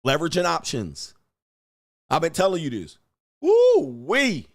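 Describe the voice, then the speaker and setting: A man ranting casually on a livestream, animated and emphatic, laughing and repeating himself for emphasis. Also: on the high side, unhurried. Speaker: dating commentary streamer.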